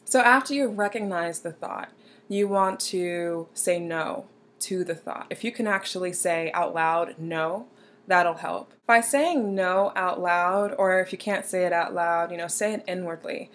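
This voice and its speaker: A woman's voice: on the low side, measured pace, fairly bright tone. A young woman giving earnest, encouraging self-help advice and speaking directly to the viewer. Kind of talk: motivational advice talk.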